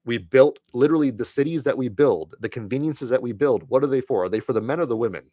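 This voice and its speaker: A fast-talking man with a medium-pitched, dark-toned voice, recorded dry, hosts a live stream. His impassioned monologue is earnest and preachy, bluntly aimed at his listeners and full of repetition for emphasis.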